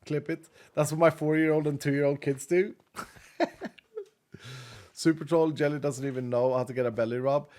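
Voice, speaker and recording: A man's voice: a little high, moderate pace, long pauses, darkish tone. A man in his thirties chatting casually with his chat while playing a game on stream, laughing often.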